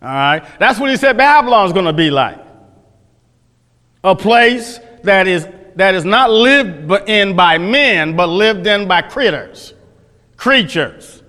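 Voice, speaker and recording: High, bright-voiced preacher. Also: male voice, animated, slow pace. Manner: folksy, asks the class questions, frequent restarts. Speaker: Bible teacher. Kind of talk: Bible study teaching. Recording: echoey hall.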